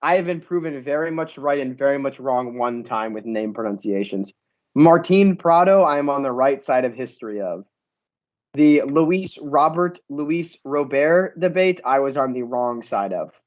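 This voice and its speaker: A man's voice: medium pitch, lively intonation, moderate pace, highs cut off. A man co-hosting a casual baseball watch-party stream, rambling and filling his talk with "like". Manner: rambling, heavy use of "like". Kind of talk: casual chat.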